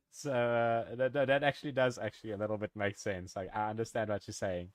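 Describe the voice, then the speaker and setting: Low-pitched man, rambling casual streamer banter, dry close sound. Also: fairly even intonation, moderate pace, no room sound. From South Africa. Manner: rambling, chatty with viewers, swears and chuckles. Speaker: game streamer. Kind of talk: casual live-stream chat.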